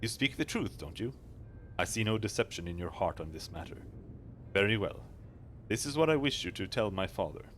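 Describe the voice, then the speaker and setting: A man's voice: on the low side, lively intonation, brisk, fairly bright tone, a little hiss or hum. A man voicing a proud, stern young noblewoman in a fantasy game, speaking formally and haughtily.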